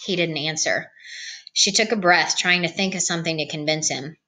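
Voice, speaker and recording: A woman reading a novel aloud as an audiobook narrator, in a calm, even read-aloud manner. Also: sits low, normal speed. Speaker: audiobook reader. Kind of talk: storybook narration.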